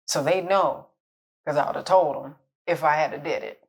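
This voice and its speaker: A middle-aged woman talks straight to her viewers as a relationship coach. Her voice sits a little low, and she speaks frankly and casually, chuckling at her own remarks now and then. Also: normal speed, husky. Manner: candid, conversational, laughs at her own jokes. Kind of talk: casual advice talk to camera.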